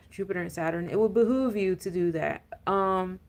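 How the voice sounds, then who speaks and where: Woman, lowish voice, rambling tarot and astrology chat, loose and chatty. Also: moderate pace. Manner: rambling, full of fillers, laughing rants. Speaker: spiritual coach and tarot reader. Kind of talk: casual astrology and tarot talk.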